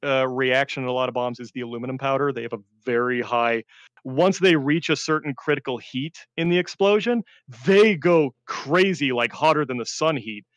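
A man, a veteran, telling war stories in a rambling casual chat, often laughing and swinging between deadpan and excited. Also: mid-range voice, normal speed, dry recording. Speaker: veteran storyteller.

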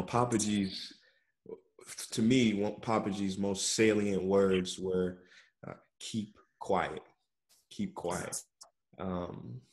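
A man interviewing a teacher, humming along softly and asking thoughtful questions. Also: deep voice. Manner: soft listening hums, thoughtful questions. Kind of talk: spiritual conversation.

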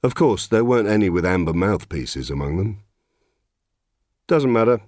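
A man's voice: sits low, expressive, brisk, darkish tone, no room sound, studio quality. A middle-aged man narrating in the first person, wry, reflective and plain-spoken.

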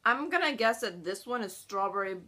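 A woman's voice: mid-range voice, expressive, a little fast, pushed and bright, slight background noise. A young woman vlogger chatting casually at home, prone to squealing dramatic disgust. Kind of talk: casual chat, jelly bean challenge.

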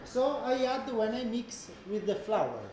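A man with an Italian accent, a chef calmly explaining each step of a dough demonstration. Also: very high-pitched, unhurried, very echoey, background noise. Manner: calm instructive, short encouraging words. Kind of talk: cooking demonstration.

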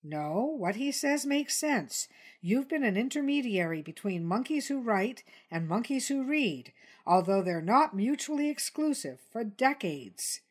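A woman voicing Dilly, a calm, persistent jungle news creature who presses her points. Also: medium pitch, a little slow, pitched above the performer's own voice.

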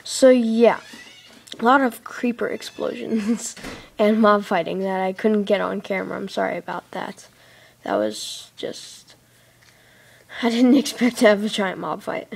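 A woman chatting her way through a building game, rambling and casual, breaking into excited squeals and giggles, recorded in a dark room on a tablet mic. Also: medium pitch, measured pace, gravelly. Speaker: let's play host. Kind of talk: casual gameplay commentary. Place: dark room, sitting in a big armchair. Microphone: tablet microphone.

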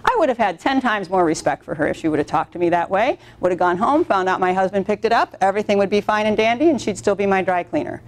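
A middle-aged woman presenting a business training workshop to a room of contractors. She tells stories in an animated way and acts out what people said. Her voice sits at an ordinary, mid-range pitch. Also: quick pace, hardly any pauses, a little hiss or hum. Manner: animated storytelling with acted-out quotes. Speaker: workshop instructor.

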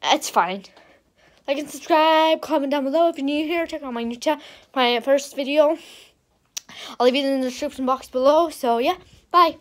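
A woman's voice: sits high, moderate pace, pauses often. A young woman vlogging at home, repeating commands to her dog and gushing with praise, a little out of breath. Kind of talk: casual home vlog.

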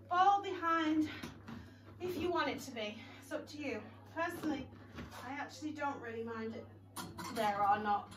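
An upbeat woman leads an exercise class, her high voice unhurried as she counts down reps. She sounds off-mic in an echoey studio, with music playing softly behind her. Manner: upbeat, encouraging, counting reps with cheery whoops. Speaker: fitness instructor. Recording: echoey room, voice from a distance. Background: background music.

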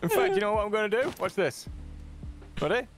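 A man chatting through a co-op survival game, full of teasing banter and frequent laughter. His voice swings wildly up and down in pitch, and soft music plays faintly underneath. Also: very animated, brisk. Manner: teasing, playful, laughs often. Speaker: gaming channel host. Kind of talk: casual co-op gameplay chat.

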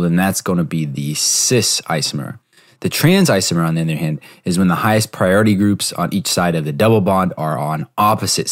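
A young man hosting a podcast, giving a relaxed, explanatory review lesson with fillers and self-corrections. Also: sits low. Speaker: podcast host teaching exam prep. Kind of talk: casual spoken review lesson.

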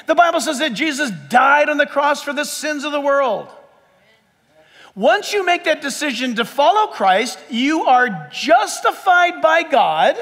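A man preaching a sermon as pastor, emphatic and swinging between loud and hushed. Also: extremely high pitch. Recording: long hall reverb.

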